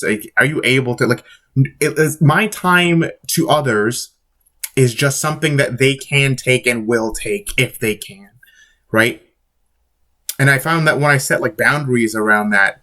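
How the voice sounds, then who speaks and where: A man's voice: mid-range voice, fairly bright tone. A man in a mid-range voice talking straight to his viewers in a casual vlog monologue. He is blunt and swears freely, pressing his points with emphasis. He rambles, restarts his sentences and keeps asking rhetorical questions. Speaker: vlogger.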